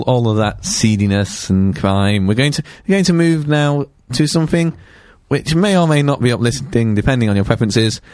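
A man co-hosting a casual podcast talks with dry wit and stumbles through restarts. His pitch is middling and unremarkable. The recording is close and dry. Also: a little mellow, no echo. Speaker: podcast co-host. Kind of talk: casual comedic chat.

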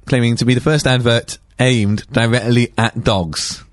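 A man's voice: medium pitch, fairly even intonation, unhurried, dry recording. A man co-hosting a podcast, chatting casually with dry wit and stumbling restarts. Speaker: podcast co-host. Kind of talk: casual comedic chat.

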